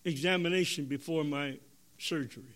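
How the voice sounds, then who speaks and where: An older man delivers a sermon testimony. He swings between loud, emotional bursts and hushed, quiet lines, in a slightly high voice. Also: normal speed. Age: 70s. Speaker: preacher.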